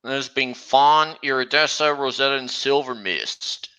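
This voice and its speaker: A man chatting casually on a stream, talking slowly and haltingly with frequent restarts. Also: medium pitch, sharp tone, clean tone, poor audio. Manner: halting, many restarts, slow and meandering. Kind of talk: casual chat.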